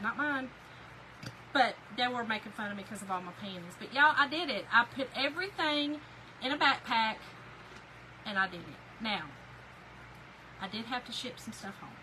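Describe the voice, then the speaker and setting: A woman's voice: a little high, bright, forceful tone, a little hiss or hum, poor audio. A woman hosting a crafting livestream, chatting folksily and calling her viewers y'all. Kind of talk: casual chat while crafting on a livestream.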